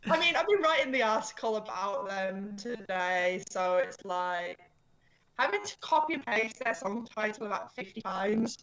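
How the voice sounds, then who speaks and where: A woman co-hosts a podcast in a relaxed, chatty way, with a wry, self-deprecating edge. Her voice sits in a middle range. The recording is slightly dull and lo-fi. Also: mid-range voice, moderate pace. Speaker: podcast co-host. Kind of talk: casual chat.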